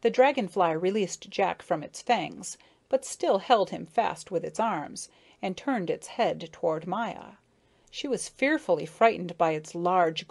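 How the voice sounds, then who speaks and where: A woman narrating a storybook as an audiobook, in steady, clear storytelling. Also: fairly low pitch.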